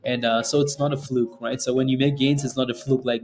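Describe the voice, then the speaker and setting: A man's voice: medium pitch, little pitch movement, fast talker, darkish tone, faint music behind. Rambling male day-trading streamer. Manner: loose and rambling, full of fillers and "right?" tags. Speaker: day-trading livestream host. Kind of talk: casual live commentary reading chat.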